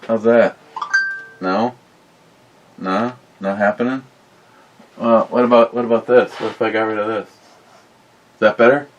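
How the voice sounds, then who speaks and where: A man's voice: lowish voice, fairly even intonation, measured pace, pauses often, muffled recording, slight background noise. A man hosting a casual live stream, reading viewer comments aloud and answering them with crude, rambling jokes and lots of fillers. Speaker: beer review livestream host.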